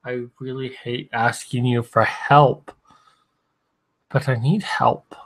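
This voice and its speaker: A drunk man talking to his stream viewers with slurred, halting speech, sometimes very soft. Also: medium pitch, fairly even intonation. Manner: talks softly at times. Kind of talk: drunken livestream monologue.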